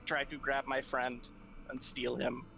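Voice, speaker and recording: A man's voice: mid-range voice, little pitch movement, measured pace, gravelly, bright, forceful tone, slight background noise. Scrag, a blunt earnest warrior, played by a man. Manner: blunt, simple phrasing. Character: blunt, earnest male warrior speaking of himself in third person.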